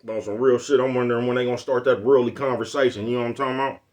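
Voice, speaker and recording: This man talks very fast in a steady, mid-range voice, rambling casually on his personal vlog. Laid-back yet boastful, he chuckles between phrases and keeps asking if you know what he's talking about.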